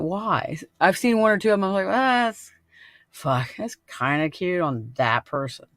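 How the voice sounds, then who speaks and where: A man's voice: high voice, lively intonation, slow pace, long pauses, a bit bright, no echo. A man hosting a podcast in casual chat, laid-back and laughing often, swearing freely. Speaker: podcast host.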